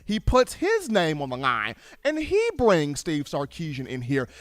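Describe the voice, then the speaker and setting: A man hosting a sports show, giving opinionated commentary in an emphatic, animated way, now and then acting out other people's voices. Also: fairly high pitch, unhurried, dry recording. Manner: animated, emphatic, acts out voices of fans and relatives.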